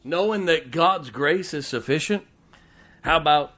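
A man preaching a folksy Baptist sermon, breaking into slow sung hymns and telling humorous stories. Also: mid-range voice. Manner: breaks into hymns and scripture, sung slowly and loudly; storytelling with humor.

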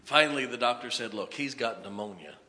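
A man preaching and telling a personal testimony as a lively storyteller who chuckles at his own tale. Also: medium pitch, brisk. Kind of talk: personal story told from the pulpit. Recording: long reverb of a large hall.

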